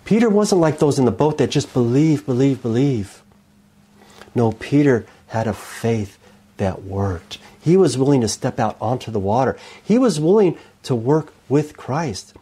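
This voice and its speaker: A male preacher delivering a sermon with rhetorical questions and emphatic, expressive delivery. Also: mid-range voice, normal speed, breathy edge.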